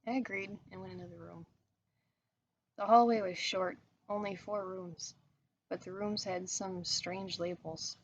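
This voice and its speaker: A woman narrating a horror story in a steady, even reading voice. Her pitch sits in a middle range. The recording sounds dull and lo-fi, with a faint hiss in the background. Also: unhurried. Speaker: story reader.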